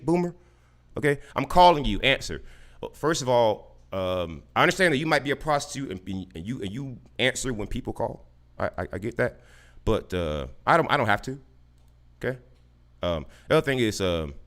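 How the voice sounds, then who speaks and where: A man's voice: mid-range voice, fairly bright tone. A man hosting a podcast, taunting and mocking a caller with sarcastic, repeated questions and frequent stammered restarts. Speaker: podcast host. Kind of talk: combative live podcast talk with a caller.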